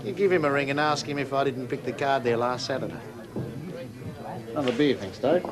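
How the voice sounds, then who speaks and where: An actor playing a calm, stubborn male horse-picker in a country pub, speaking with an Australian accent, laconic and firm. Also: mid-range voice, a little fast, over music, close to an everyday voice. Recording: pub crowd chatter behind. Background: bar crowd murmur.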